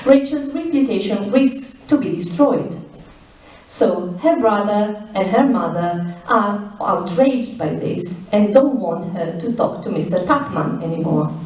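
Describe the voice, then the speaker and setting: A woman speaks at a slow, deliberate pace in a mellow voice, retelling a story with emphatic pauses. Her voice rings through a big echoey lecture hall, picked up from some distance away. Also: medium pitch. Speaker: literature scholar. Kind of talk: conference talk.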